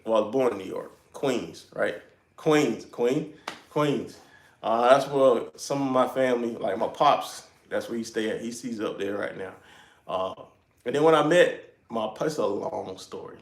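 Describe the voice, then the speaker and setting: A man's voice: medium pitch, reverberant. A man with a South Carolina accent, hosting a casual garage livestream in a laid-back, chuckling way with folksy slang. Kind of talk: casual live-stream chat. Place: home garage.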